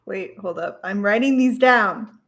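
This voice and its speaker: A woman's voice: mid-range voice, unhurried, fairly bright tone. A woman player in a tabletop game who asks curious questions. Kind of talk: casual tabletop play.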